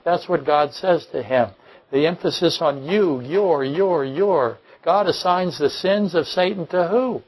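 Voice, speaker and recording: Gravelly-voiced man preaching a sermon. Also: fairly high pitch, normal speed, darkish tone, poor audio. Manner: emphatic, rhetorical questions, dry jokes. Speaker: pastor. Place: church.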